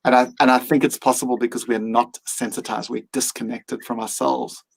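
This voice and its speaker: A man's voice: medium pitch, little pitch movement, brisk, vocal fry, low-quality recording. A man speaking as a podcast guest, reflective and earnest, sometimes acting out his own inner voice. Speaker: mindfulness teacher and guest.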